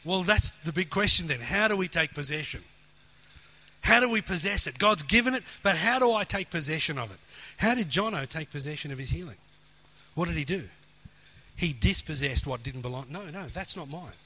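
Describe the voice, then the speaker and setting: A middle-aged man preaching a sermon, telling stories with earnest emphasis and dropping soft for quoted prayer. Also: fairly high pitch, lively intonation, brisk.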